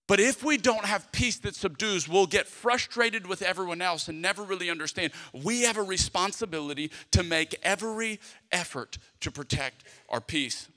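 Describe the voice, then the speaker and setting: A man's voice: sits high, animated, fairly quick, sharp tone. A man, preaching a sermon as pastor with emphatic repeated phrases and rhetorical questions. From South Louisiana, US. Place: church sanctuary. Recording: long hall reverb from a church sanctuary.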